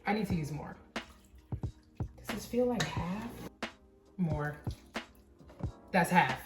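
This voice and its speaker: A woman's voice: lowish voice, lively intonation, slow, roomy sound, over music. A young woman vlogging while she cooks at home, rambling candidly with lots of filler words. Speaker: cooking vlogger. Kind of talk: casual chat while cooking. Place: home kitchen.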